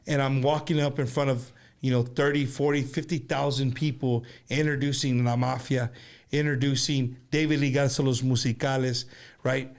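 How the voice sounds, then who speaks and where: A man hosting a casual studio chat show, talking in animated, rambling bursts with many restarts. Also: mid-range voice, normal speed. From United States. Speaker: show host.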